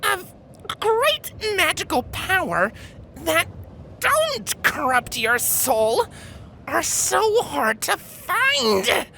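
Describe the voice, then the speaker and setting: A woman's voice: a little high, huge pitch swings, moderate pace, bright, forceful tone, a little hiss or hum, full character voice. A woman voicing a boastful, showy female unicorn mare in a fanfiction reading, who talks about herself in the third person and exclaims dramatically. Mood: exasperated.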